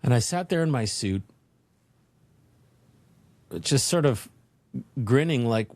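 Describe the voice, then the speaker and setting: A man guest on a business podcast, telling a personal story in an animated way and acting out the voices in his head. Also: mid-range voice, takes it slowly, pauses often, dry recording. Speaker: podcast guest, leadership consultant. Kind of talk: interview storytelling.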